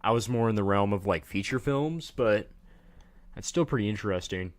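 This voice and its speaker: Low-voiced man casually chatting on a livestream. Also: expressive, moderate pace. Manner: joking, rambling, talks to chat. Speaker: livestream host.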